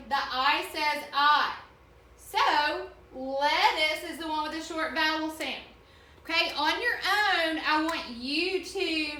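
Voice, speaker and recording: A woman teacher giving an online reading lesson to children, slowly and clearly sounding out the vowels in each word. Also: high-pitched, pushed and bright, roomy sound.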